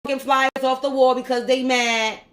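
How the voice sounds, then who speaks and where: A woman's voice: high voice, level tone, normal speed, a bit bright. A woman vlogger, ranting angrily and profanely, repeating her points. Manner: heated, profane, repeats herself. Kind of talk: angry rant to camera.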